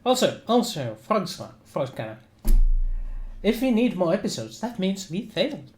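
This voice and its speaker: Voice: medium pitch, big pitch swings, unhurried, faint music behind. Playful, teasing player in an echoey room. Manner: playful, teasing, laughs often. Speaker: tabletop game player. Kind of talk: casual out-of-game chat. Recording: echoey room with faint hiss.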